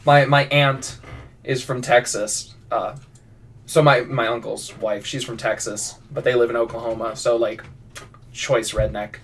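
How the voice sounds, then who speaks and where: A man live-streaming his fiction writing speaks at a measured pace in a steady, medium-pitched voice that's a bit bright with a breathy edge. He rambles casually through viewer prompts with many restarts and self-deprecating asides. The mic sits somewhat far from him.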